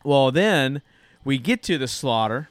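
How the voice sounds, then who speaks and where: The speaker, a man in his thirties, hosts a church podcast and tells a casual, earnest story with frequent restarts. His mid-range voice is animated and a little slow, recorded with no room sound.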